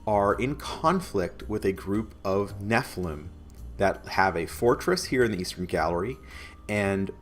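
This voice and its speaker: A man's voice: fairly low pitch, animated, a little slow, soft background music. A man acting as game master, casually recapping a tabletop game session at home, rambling with many restarts. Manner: rambling, many restarts, chuckles now and then.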